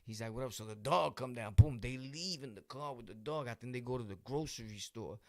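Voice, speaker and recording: A young man with a New York accent tells street stories in loose, slang-heavy talk. He laughs often and acts out the voices of people in them. His voice is gravelly, and the recording is dry and close. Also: mid-range voice, a little fast, dark tone, no echo. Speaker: vlogger telling true stories. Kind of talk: casual street storytelling.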